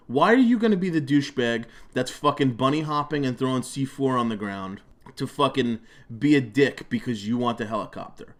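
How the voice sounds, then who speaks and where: A man's voice: medium pitch, lively intonation, fairly quick, fairly bright tone. A young man giving gameplay commentary, ranting and swearing a lot, often restarting his sentences. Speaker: gaming commentator. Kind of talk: profane gameplay commentary rant.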